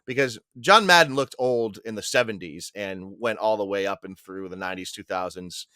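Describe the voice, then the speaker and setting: Male podcast co-host, bright forward voice, blunt and profane, dry booth sound. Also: fairly low pitch, moderate pace, no echo. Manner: blunt, swears freely, emphatic complaints. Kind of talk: casual chat.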